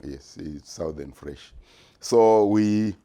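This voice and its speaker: A Zimbabwean man in his sixties, a retired business executive appearing as a guest, speaks very low and slow in a mellow, dark tone. He answers interview questions in a measured, deliberate way, often pausing with "uh" as he gathers his thoughts.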